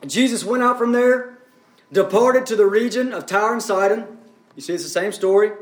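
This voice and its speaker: A man's voice: sits high, normal speed, roomy sound. A man preaching a sermon as pastor, building up and easing off in intensity. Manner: preaching with rising and falling intensity.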